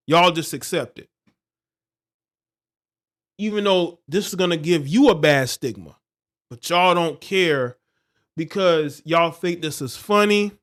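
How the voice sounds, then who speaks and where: High-voiced scornful man ranting on a livestream. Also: fairly bright tone. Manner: scornful, insulting, preachy. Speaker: livestream host. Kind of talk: reading news and ranting commentary.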